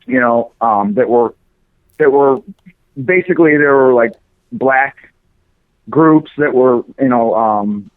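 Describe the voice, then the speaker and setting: A man tears into people in a crude, profane rant while co-hosting a talk show. His voice comes through a thin, phone-like line with a dry, close sound and sits at an ordinary middle pitch. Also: expressive, slow, pauses often, dry recording. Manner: profane, ranting, mocking. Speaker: podcast co-host. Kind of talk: crude casual banter.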